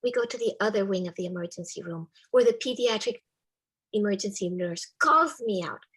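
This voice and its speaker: A woman telling a personal story to a live audience in a soft, measured way, often dropping to a hushed whisper. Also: medium pitch, animated, husky, rough recording. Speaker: storyteller, spiritual care volunteer with a therapy dog.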